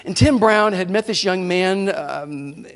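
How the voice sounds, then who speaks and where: High-voiced preaching man in a reverberant church. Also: slow pace. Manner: animated storytelling preacher, shouts playful whoops. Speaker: pastor. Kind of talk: sermon. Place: church sanctuary.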